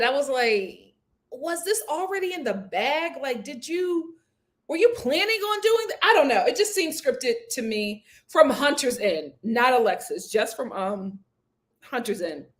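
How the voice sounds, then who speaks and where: A woman hosts a casual review, speaking straight to her viewers with candid opinions. Her voice sits a bit high and swings widely in pitch, with big jumps when she acts things out. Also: expressive, a little slow. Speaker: host reviewing a reality show. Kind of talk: casual chat.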